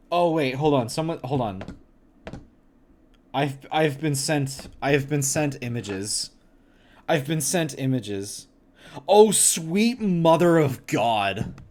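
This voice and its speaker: Man, livestream streamer, casual chat, laughs a lot, swears, mock-horrified exclamations, slow unhurried delivery. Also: medium pitch, a little mellow.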